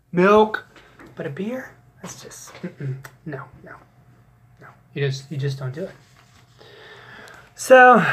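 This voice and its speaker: A man's voice: fairly high pitch, fairly bright tone. A man hosting a casual fantasy football league recap, joking and teasing with plenty of swearing.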